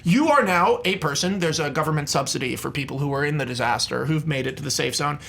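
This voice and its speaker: A man's voice: quick pace, gravelly, slight background noise. A man on a panel debate show, eagerly rambling through ideas and arguments. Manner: excited, rambling pitches, laughs a lot.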